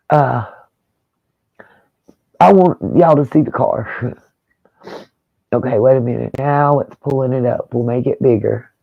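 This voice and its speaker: A man's voice: medium pitch, gravelly, no room sound, phone-quality sound. Emotional man hosting a livestream. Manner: emotional, rambling, talks straight to viewers. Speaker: livestream host. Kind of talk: casual livestream commentary.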